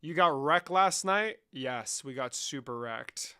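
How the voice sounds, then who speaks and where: A man's voice: on the high side, lively intonation, takes it slowly, sharp tone, clear, resonant tone. A young man around twenty, casually chatting on a livestream in a joking, sarcastic way and swearing a lot. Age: young adult.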